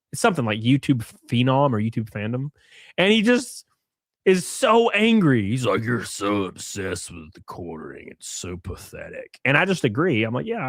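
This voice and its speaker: A man's voice: medium pitch, no room sound, clean studio sound. A young man hosting a casual live stream, mocking and sarcastic, swearing freely and thanking viewers for gifted subs.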